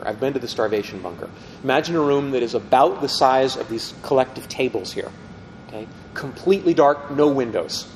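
A middle-aged man teaching a group about faith, speaking conversationally and often asking the audience questions. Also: a little mellow. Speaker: Catholic teacher. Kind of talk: storytelling talk to a group. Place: meeting room with tables. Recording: reverberant hall, faint rumble.

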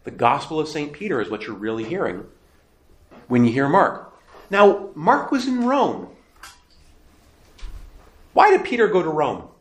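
A man's voice: a little high, sing-song, a little slow, long pauses, reverberant. A man teaching a Bible class, emphatic and conversational, asking questions and then answering them himself. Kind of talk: catechism lecture.

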